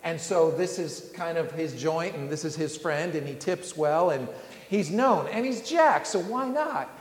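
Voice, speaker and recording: A man's voice: fairly high pitch, animated, unhurried. A man telling stories in a sermon, rambling with frequent restarts and fillers. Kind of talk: sermon storytelling. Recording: echoey hall with long reverb.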